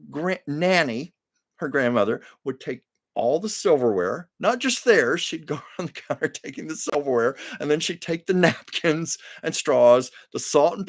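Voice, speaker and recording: A man's voice: a little high, no room sound, studio quality. An older man hosting a live stream, chatting with viewers and telling stories in a casual, laughing way. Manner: chatty storytelling, laughs often. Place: Los Angeles.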